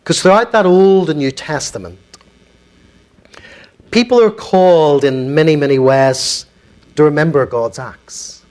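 A man's voice: fairly high pitch, a little mellow, poor audio. Earnest Belfast man giving a lecture. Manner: earnest, measured, pauses on key words. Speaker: minister and guest lecturer. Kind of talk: public lecture with storytelling.

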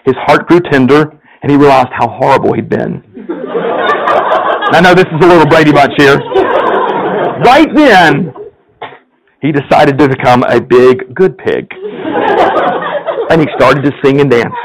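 A campus minister preaching a sermon, telling a story with frequent chuckles and animated delivery. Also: male voice, fairly high pitch, a little slow, long pauses, noisy background.

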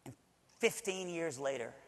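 High-voiced man preaching in a hall. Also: lively intonation, normal speed. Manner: conversational, with frequent asides to the audience. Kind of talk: personal storytelling sermon. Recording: long hall reverb.

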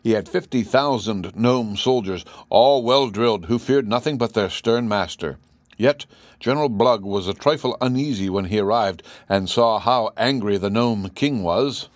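A man narrating a classic children's fantasy book in a steady, even reading voice. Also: on the low side, moderate pace, dry recording. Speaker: audiobook narrator. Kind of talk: scripted storybook narration.

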